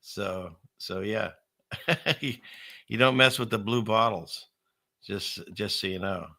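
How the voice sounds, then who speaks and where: A middle-aged man rambles through a casual commentary with a gravelly, low voice. His tone is bright and edgy, and he talks in a conspiratorial, chuckling way. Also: takes it slowly. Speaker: channel host.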